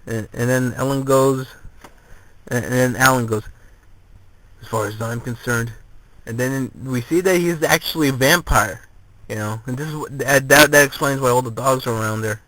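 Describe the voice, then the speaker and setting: A man giving a casual spoken movie review, retelling the plot in a rambling, halting way. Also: medium pitch, pushed and bright, a little hiss or hum, poor audio.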